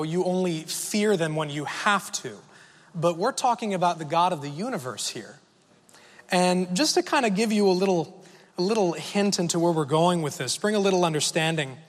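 A man with a voice that sits high preaches a sermon, telling a personal story in a relaxed, conversational style and often asking the audience questions. A long reverb tail trails his words.

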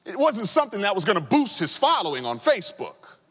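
Impassioned preacher with swooping high voice. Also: male voice, wildly swooping pitch, a little fast, fairly bright tone, slightly rough, big-room sound. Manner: impassioned preaching with swooping pitch, drops low for emphasis. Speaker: pastor. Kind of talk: sermon.

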